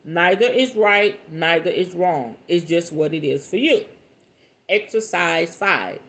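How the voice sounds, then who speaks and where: A woman with a lowish voice takes her time reading a book on her podcast. She keeps interrupting the text with lively, casual, playful commentary.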